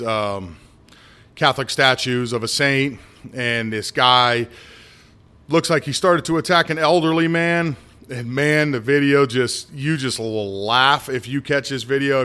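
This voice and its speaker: A man's voice: medium pitch, bright, forceful tone, clear, resonant tone. Blunt middle-aged man ranting on a podcast. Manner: blunt, ranting, talks in asides and restarts. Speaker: podcast host. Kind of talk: casual solo political podcast.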